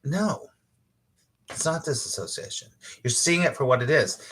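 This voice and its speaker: Bright, animated man giving a spiritual talk. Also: mid-range voice, moderate pace, slightly rough. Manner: animated and emphatic, laughs easily, acts out inner voices; swears casually. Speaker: spiritual teacher hosting a live morning show. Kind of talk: casual spiritual talk, reading audience comments.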